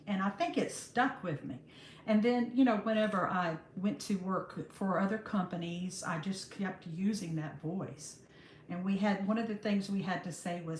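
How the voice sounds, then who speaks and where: A woman, hosting a casual livestream, chatting warmly with viewers and calling them honey. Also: mid-range voice, a little hiss or hum. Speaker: livestream host. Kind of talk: casual live chat greeting viewers. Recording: roomy echo.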